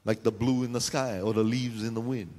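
Pastor, male, animated storyteller, mid-range voice, long church reverb. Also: mid-range voice, fairly quick. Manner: lively storytelling with call-and-response. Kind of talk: sermon. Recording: reverberant hall sound.

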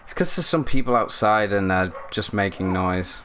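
A man's voice: fairly low pitch, expressive, moderate pace, bright, forceful tone, slight background noise. A man giving chatty, flustered commentary as he plays a video game at home, often apologizing. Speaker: let's play host. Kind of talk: casual gaming commentary. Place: at home with a barking dog.

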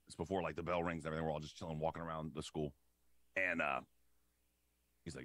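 Podcast co-host, young man, animated storyteller; bright tone, dry close sound. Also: very fast, no room sound. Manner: animated, acts out quotes with big pitch swings, laughs often. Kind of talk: casual storytelling chat.

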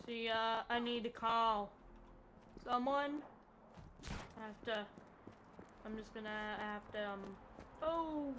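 A woman giving excitable let's-play commentary, yelping and chatting to the characters in her game. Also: on the high side, slow pace, pauses often, slight background noise. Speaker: gamer.

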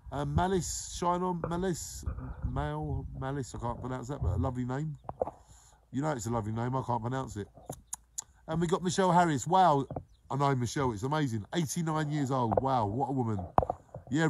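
A man, hosting a daily live show and warmly giving repeated shout-outs to viewers by name. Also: mid-range voice, noisy background. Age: 40s. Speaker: live-stream host.

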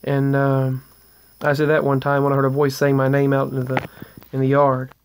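A male vlogger with a mid-range voice talks at normal speed in a completely flat delivery, with slight background noise. He earnestly rambles through a casual account of paranormal events at home, repeatedly restarting sentences and wandering into asides.

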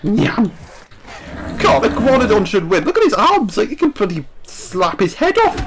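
A young man, excitedly commenting on a dinosaur game while he plays, laughing often and talking to the screen. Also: high-pitched, moderate pace, very noisy. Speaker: gaming YouTuber. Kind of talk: live gameplay commentary.

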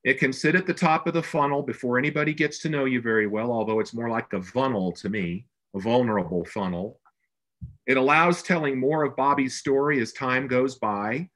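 A man's voice: mid-range voice, brisk, fairly bright tone. A man presenting a business webinar as a brand consultant, speaking in an earnest, conversational way with emphatic stresses.

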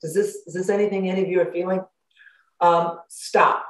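A woman hosting a motivational self-help talk as a life coach. She speaks in an animated way, acts out worried inner thoughts and laughs often, through a computer microphone. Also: fairly low pitch, a little fast. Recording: roomy echo.

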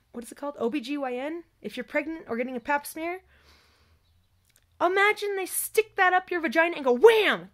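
Distressed high-voiced young woman. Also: a bit bright. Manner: distressed, emphatic, swings between raised and low voice. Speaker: vlogger. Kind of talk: personal monologue to camera.

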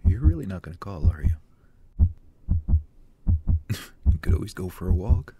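An anxious man at war with his own mind. The voice sits low and very dark, yet swings widely in pitch as it sneers and curses. Faint noise hums under the voice-over. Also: very animated, normal speed. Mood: mocking. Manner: mocking, bitter, swearing self-talk. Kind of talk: short film voice-over monologue.

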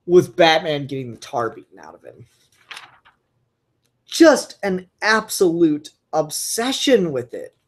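Slow, rambling comic book reviewer. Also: mid-range voice. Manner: enthusiastic, rambling, frequent fillers and restarts. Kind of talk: casual solo review podcast.

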